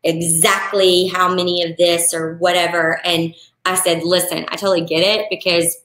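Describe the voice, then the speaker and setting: Woman, wedding florist, casual live-stream talk, animated and chatty, roomy echo. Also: fairly low pitch, normal speed, slight background noise. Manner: chatty, animated, acts out clients in quoted voices. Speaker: wedding florist and business coach.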